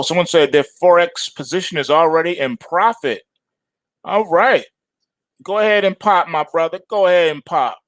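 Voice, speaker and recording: Joking trading-stream host, dry close mic. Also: male voice, a bit bright, no room sound. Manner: playful, jokey, swings into high mock-whiny bits. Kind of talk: live-stream market chat.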